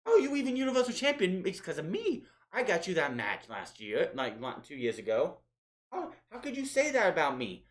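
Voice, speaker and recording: A man's voice: wildly swooping pitch, normal speed. A man doing a frantic, wounded wrestling manager. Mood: pleading. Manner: frantic, high-pitched protesting. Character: wounded, pleading older male wrestling manager.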